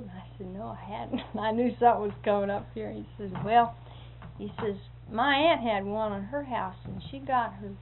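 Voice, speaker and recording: Animated storytelling woman on lo-fi tape. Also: medium pitch. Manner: animated, acts out quoted speech with sound effects and laughter. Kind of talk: casual anecdote telling. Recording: tinny lo-fi recording with faint hiss.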